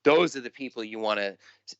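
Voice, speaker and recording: New york guy talking quick, lots of laughing, muffled lo-fi sound. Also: mid-range voice, gravelly, clean tone, no echo. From Brooklyn, New York. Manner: animated storyteller, laughs often. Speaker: guest. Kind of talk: casual interview chat.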